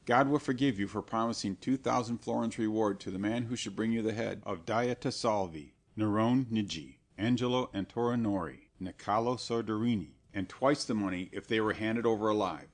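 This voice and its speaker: Man reading as a stern, solemn monk. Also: on the low side. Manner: grave, measured, severe. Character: stern, solemn male monk preacher, unbending.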